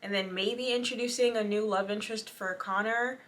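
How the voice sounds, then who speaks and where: A young woman giving casual, sardonic commentary with quick asides. Her voice is bright and forward, and her talk stays loose and chatty. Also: medium pitch, steady tone. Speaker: reaction video host.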